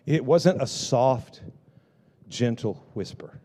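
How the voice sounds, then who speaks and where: A middle-aged male pastor preaching a sermon, swinging between loud bursts and hushed lines. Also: a little high, expressive, unhurried, long pauses.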